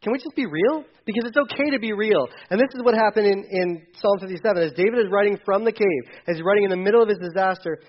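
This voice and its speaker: A male pastor preaching a sermon in a conversational way, moving between soft asides and loud, emphatic readings. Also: high voice, fast, hardly any pauses, muffled recording.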